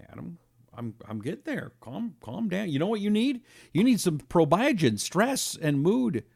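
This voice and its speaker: A man hosts a live talk show, talking with an animated, emphatic push and reading viewer comments aloud. His voice sits a little high for a man. The sound is dry and close, with no room in it. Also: no room sound.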